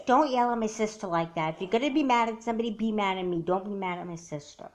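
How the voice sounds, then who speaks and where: A woman's voice: mid-range voice, fast talker, darkish tone, slight background noise, lightly acted. A woman voicing a protective older sister in a doll movie, firm and scolding.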